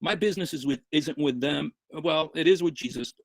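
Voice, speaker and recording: Fast, high-voiced man preaching in a dry room. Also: vocal fry, no room sound. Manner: switches between English and Arabic, emphatic and repetitive. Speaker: Christian broadcaster answering commenters. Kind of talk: direct-to-camera preaching address.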